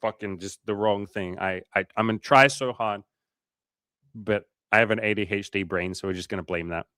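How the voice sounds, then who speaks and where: Man, Australian accent, casual livestream host, profane, filler-heavy, deepish, dry sound. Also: moderate pace, pushed and bright, clear, resonant tone, no room sound. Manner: loose and profane, lots of fillers. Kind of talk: casual livestream chat reading comments.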